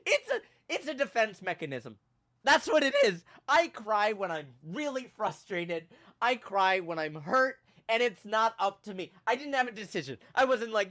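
A young man hosting a podcast, telling a funny story with animated, self-mocking drama and big swings in his voice. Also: high voice, normal speed. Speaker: podcast host. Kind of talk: comedic storytelling in casual chat.

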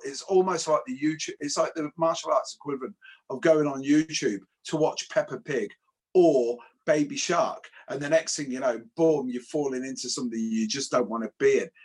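A man from England co-hosting a casual martial arts discussion, joking and animated. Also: medium pitch, slightly rough. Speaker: martial arts show co-host.

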